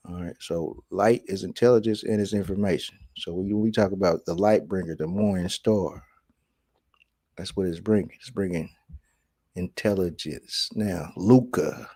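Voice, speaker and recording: Low-voiced man musing in a monologue. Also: normal speed, dark tone. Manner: preachy, keeps asking "right?". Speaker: vlog host. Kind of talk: casual conspiracy monologue.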